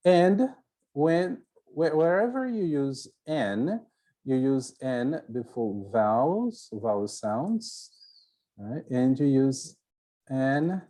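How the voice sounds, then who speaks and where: This man, a Brazilian Portuguese native speaker with the matching accent, gives an English lesson on video in a warm, medium-pitched voice. He explains things slowly, frequently asking "right?" and "okay?"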